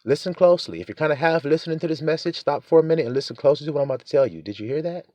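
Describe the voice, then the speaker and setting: A man preaching a sermon, animated, acting out quoted voices as he goes. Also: fairly high pitch, very fast, dry recording.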